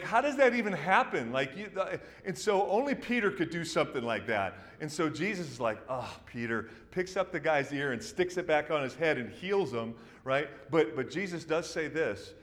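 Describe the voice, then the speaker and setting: Animated pastor preaching a sermon. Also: male voice, fairly high pitch, moderate pace, big-room sound. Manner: animated storytelling, swings between loud excitement and hushed intensity.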